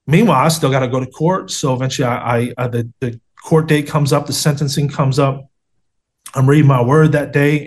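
Earnest man on a video call. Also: medium pitch. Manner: earnest, street-casual, peppered with "man" and "bro". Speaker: guest telling his faith testimony. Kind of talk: casual interview chat.

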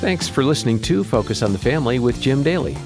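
A male radio co-host closing the episode in a smooth announcer manner. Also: medium pitch, sing-song, fast, over music. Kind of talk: broadcast show outro.

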